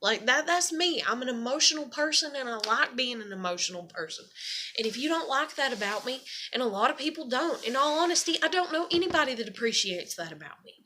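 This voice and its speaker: A woman's voice: high voice, expressive, fast, pushed and bright, a little hiss or hum. A young woman, venting in a rambling, emotional and frank monologue. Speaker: vlogger.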